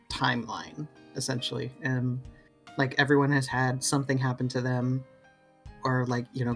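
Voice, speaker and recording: A podcast co-host in a casual discussion, thinking out loud and halting often with fillers. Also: medium pitch. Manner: thoughtful, rambling, halting with many fillers.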